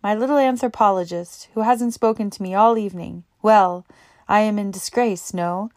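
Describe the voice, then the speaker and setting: A woman's voice: on the low side, steady tone, normal speed, mellow, no echo, clean studio sound, natural voice. A woman voicing a cheerful, jovial middle-aged male doctor who teases and jokes in a hearty way. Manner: hearty, teasing.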